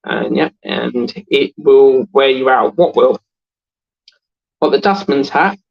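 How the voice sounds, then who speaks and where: A man in his thirties hosts a relaxed livestream and chats his way through viewer comments. He rambles, laughs easily and fills the gaps with ums. His voice is a little raspy, and the recording sounds dull and lo-fi. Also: medium pitch, slow. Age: 30s. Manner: chatty and rambling, laughs often, many fillers. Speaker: host of a model-building livestream. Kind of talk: casual livestream chat, reading out viewer comments.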